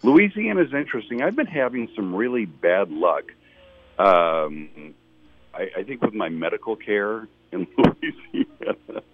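A male comedian telling a wry, deadpan story as a radio guest. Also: on the low side, a little slow. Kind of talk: casual anecdote on radio. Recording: dull lo-fi radio sound.

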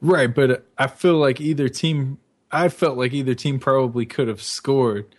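A man's voice: medium pitch, fairly even intonation. Hesitant male radio co-host. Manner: hesitant, filler-heavy, measured opinions. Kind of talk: casual sports radio chat.

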